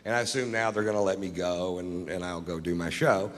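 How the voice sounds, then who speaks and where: A middle-aged stand-up comedian with a low, steady voice tells profane stories on a live stage at a slightly fast clip, laughing at his own lines. The room is reverberant, with faint background noise.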